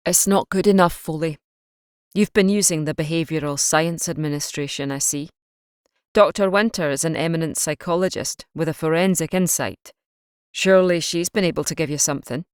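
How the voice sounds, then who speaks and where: A woman voicing a gruff, sarcastic male Scottish police chief with a Scottish accent in an audiobook reading. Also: sits low, moderate pace, no room sound, studio quality, lightly acted.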